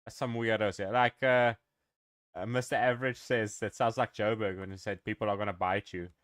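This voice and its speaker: Low-voiced streamer, rambling. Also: male voice, steady tone, normal speed, a bit bright, no room sound, studio quality. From South Africa. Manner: rambling, chatty with viewers, swears and chuckles. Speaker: game streamer. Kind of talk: casual live-stream chat.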